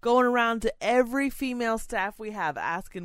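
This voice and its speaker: A woman's voice: medium pitch, moderate pace, hardly any pauses, no echo. Woman, swearing storyteller, casual chat, dry close mic. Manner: profane, animated storytelling.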